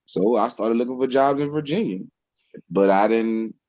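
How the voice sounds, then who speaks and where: A man's voice: medium pitch, moderate pace, no echo. New orleans guy on a podcast, easygoing slangy talk, kinda muffled and dry. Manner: relaxed storytelling, slangy. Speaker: podcast co-host. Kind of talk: casual chat.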